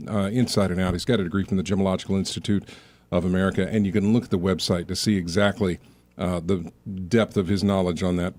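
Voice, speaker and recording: Chatty low-voiced radio host. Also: male voice, darkish tone. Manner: loose and chatty, with fillers like uh and you know. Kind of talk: conversational live ad read.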